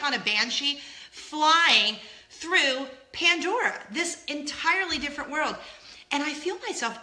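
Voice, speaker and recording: A woman's voice: a little high, reverberant. A woman, telling a story in a casual vlog, gushing and laughing often. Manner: gushing, laughs often, acts out loud gasps. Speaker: vlogger.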